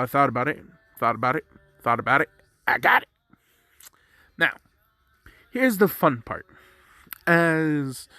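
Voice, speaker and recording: A man's voice: mid-range voice, sharp tone, dry recording. A man casually narrating a fan-made story, rambling, correcting himself, and swearing freely.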